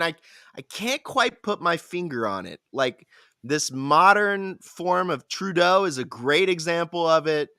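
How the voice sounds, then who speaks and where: A man's voice: fairly high pitch, bright, forceful tone, no echo, studio quality. A man in casual political chat, rambling and stammering over restarts.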